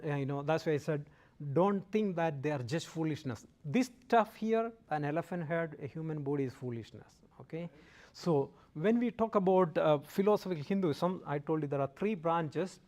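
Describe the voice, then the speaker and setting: A man with a fairly high voice gives a relaxed classroom lecture. He keeps stopping to check in with his listeners, tossing out "okay?" and the odd light joke. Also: moderate pace. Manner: jokes lightly with audience. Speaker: guest lecturer.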